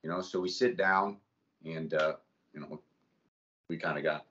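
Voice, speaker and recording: A man in his thirties, a Marine father and podcast guest, telling a personal story in a halting, emotional way with many restarts. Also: rumbling low, fairly even intonation, a bit bright, lo-fi sound.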